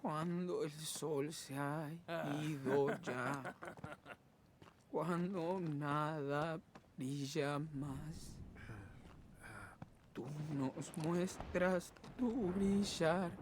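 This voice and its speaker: A man's voice: fairly high pitch, drawn-out words, a little hiss or hum. An actor voicing a tired teenage boy, a protective older brother, in a video game. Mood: gentle singing. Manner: tired, plain-spoken, sings softly.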